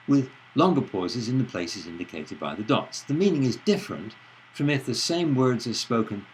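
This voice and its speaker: A man giving a recorded lecture on speech and the brain in a measured, explanatory way, stressing words as he reads example sentences. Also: medium pitch, sing-song, darkish tone, a little hiss or hum, rough recording.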